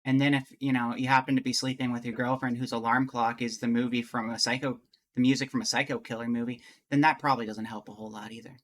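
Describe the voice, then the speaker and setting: The streamer's mid-range voice stays level in tone and moves quickly. It's casual chat with viewers plus a visual novel read-through, told in a meandering style that keeps restarting.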